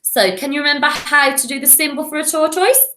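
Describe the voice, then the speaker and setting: A woman's voice: sits high, fairly quick, sharp tone, echoey room, a little hiss or hum. A woman teaching a primary school language lesson, encouraging and playful, in a recorded classroom lesson. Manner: encouraging, with playful animal voices.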